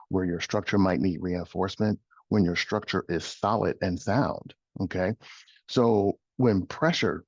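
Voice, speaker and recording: A man's voice: sits low, darkish tone, no room sound, highs cut off. A middle-aged man hosting a motivational talk as a life coach, emphatic and repetitive, posing rhetorical questions. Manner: emphatic, repeats phrases, poses rhetorical questions. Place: studio.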